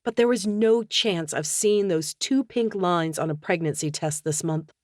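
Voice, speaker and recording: A woman narrating an audiobook in a steady, measured way. Her voice sits on the low side. The recording is close and dry. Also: dry recording. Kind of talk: scripted narration.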